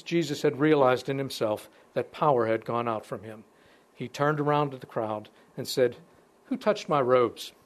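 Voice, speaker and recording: Male Bible teacher, mid-range pitch, reads verses and comments loosely, conversational. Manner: conversational, pauses to comment between verses, restarts phrases. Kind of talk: informal Bible study talk with scripture reading.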